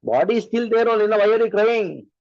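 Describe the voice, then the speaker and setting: A man's voice: high voice, animated, fast talker, a little mellow, dry recording, highs cut off. A man with an Indian English accent giving a sermon as a spiritual teacher, driving his point home with repeated rhetorical questions.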